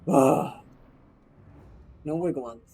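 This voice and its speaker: Husky-voiced swearing male gamer streamer. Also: on the high side, extremely slow, mellow, rough recording. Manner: swears constantly, rants in frustration at the game. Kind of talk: live gaming commentary.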